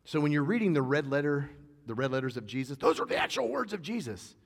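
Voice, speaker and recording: A man's voice: a little high, big pitch swings, quick pace, gravelly. A male pastor preaching a sermon in a conversational, emphatic way, mixing teaching with personal stories. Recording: long reverb of a large hall.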